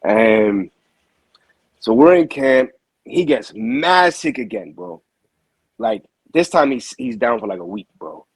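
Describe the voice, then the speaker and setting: A boxing manager tells his story in loose, slangy talk and keeps restarting his sentences. His voice is husky. The sound is close and dry. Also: on the low side, slow pace, no echo, rough recording. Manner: animated storyteller, heavy slang, frequent restarts. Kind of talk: casual interview storytelling.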